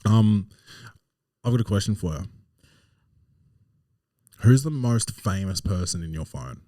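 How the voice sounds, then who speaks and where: A man's voice: on the low side, animated, measured pace, dark tone, no room sound, clean studio sound. A man in his thirties hosting a casual podcast, boastful and joking, swearing freely. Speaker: podcast host.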